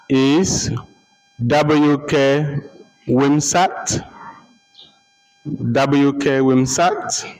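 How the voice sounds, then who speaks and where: A man giving a lecture, slowly repeating names and spelling them out letter by letter for note-taking. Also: fairly high pitch, low-quality recording. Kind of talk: slow dictation-style lecture.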